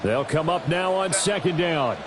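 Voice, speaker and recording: A man calling plays as a football announcer, brisk and punchy, recorded for a video game. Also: on the high side, expressive, heavy background noise. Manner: brisk, punchy play calls. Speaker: play-by-play announcer. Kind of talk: scripted sports commentary for a football video game.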